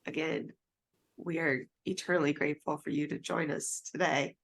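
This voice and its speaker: A woman's voice: sits low, steady tone, normal speed, vocal fry. A woman hosting a podcast, politely and gratefully thanking her guest. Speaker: podcast host. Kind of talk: interview wrap-up.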